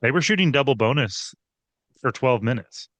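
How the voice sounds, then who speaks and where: A man co-hosting a basketball recap show, breaking down the game in an animated, casual way with frequent restarts. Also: mid-range voice, moderate pace, no room sound. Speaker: podcast co-host. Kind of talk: casual sports analysis chat.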